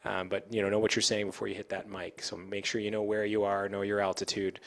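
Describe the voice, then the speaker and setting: A man who works as an air traffic controller, giving a casual, fast-paced talk to pilots with plenty of fillers and restarts. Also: lowish voice, level tone. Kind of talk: informal safety talk to pilots.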